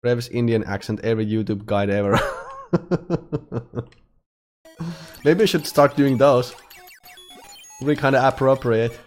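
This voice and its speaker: A man's voice: medium pitch, unhurried, pauses often. A male streamer talking to his viewers while he plays. He rambles through half-finished sentences, swears casually and laughs often. Faint game music runs underneath. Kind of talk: casual live-stream chat while gaming.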